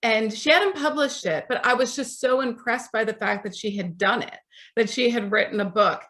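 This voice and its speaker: A woman's voice: a little high, normal speed, a bit bright. A woman in her forties, an author being interviewed, telling stories in a chatty way and acting out the voices of people she quotes. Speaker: author, podcast guest.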